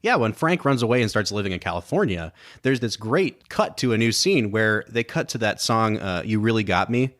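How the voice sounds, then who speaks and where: A man's voice: fairly low pitch, very animated, normal speed, hardly any pauses, fairly bright tone. Enthusiastic man co-hosting a film podcast. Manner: enthusiastic, analytical, quotes scenes in put-on voices. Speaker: podcast co-host. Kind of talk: casual film discussion.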